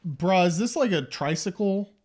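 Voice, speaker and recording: A young man co-hosting a casual film review chat, slangy and relaxed, often trailing off softly. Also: high-pitched, normal speed. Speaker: podcast co-host.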